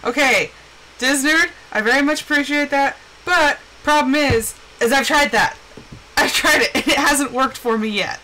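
A woman's voice: sits high, moderate pace, pushed and bright, slight background noise, rough recording. A woman streaming a game live, chatting with viewers and breaking into dramatic, exasperated outbursts. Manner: chatty asides to chat. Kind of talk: live gameplay chat with viewers.

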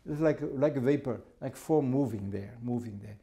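Male Sabbath school teacher from South Africa, mellow, halting, conversational. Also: mid-range voice, fairly even intonation, slightly rough. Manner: conversational, halting, repeats words. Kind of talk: church Bible lesson with storytelling.

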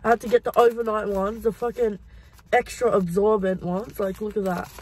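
A woman's voice: mid-range voice, steady tone, normal speed, a little mellow, rough recording. A young woman talking casually to her camera in a vlog, chatty and swearing freely. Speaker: vlogger. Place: car in the city.

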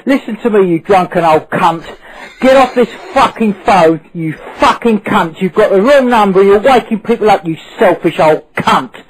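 A man's voice: high-pitched, expressive, moderate pace, husky. A man woken early by a prank caller, swearing furiously down a phone line. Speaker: prank call victim.

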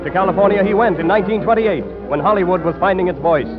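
A man's voice: high voice, fast talker. A man narrating a scripted radio program as announcer in a formal, declamatory manner. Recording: tinny 1930s radio broadcast with music.

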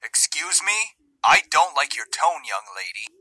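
A man's voice: a little high, big pitch swings, unhurried, bright, forceful tone, dry recording, exaggerated voice, low-quality recording. A man voicing a stern, controlling middle-aged father in a visual novel reading, curt and condescending. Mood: scolding.

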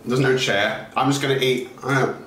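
A man's voice: medium pitch, steady tone, normal speed, fairly bright tone, a little hiss or hum. A young man hosting a casual taste-test vlog, chatty and exclaiming as he talks to his viewers. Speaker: YouTuber host. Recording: echoey room with light music.

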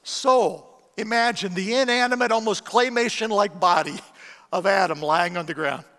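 Heard with long church hall reverb, a middle-aged guest preacher uses self-deprecating humor in his storytelling. His high, fairly bright voice keeps a moderate pace in the church auditorium.

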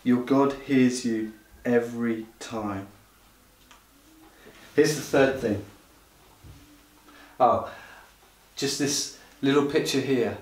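A man delivering a sermon at a slow, deliberate pace, building into passionate, pleading cries. His voice sits at a middle pitch and rings through a roomy hall, picked up from some distance off the mic. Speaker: pastor. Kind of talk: livestreamed sermon. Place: church hall.

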